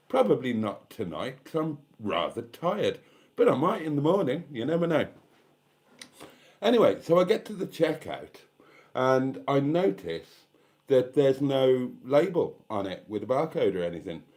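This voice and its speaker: A middle-aged man from England hosts a relaxed evening chat for his viewers, sipping wine as he talks. His delivery is camp and theatrical, full of cheeky asides, and his voice sits at an ordinary middle pitch. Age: 50s. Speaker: channel host.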